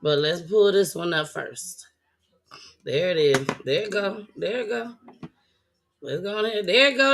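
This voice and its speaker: A woman's voice: on the low side, a little slow, gravelly, long pauses, noisy background. A woman hosting a casual chat show, talking loosely and laughing as she speaks straight to her viewers. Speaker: host.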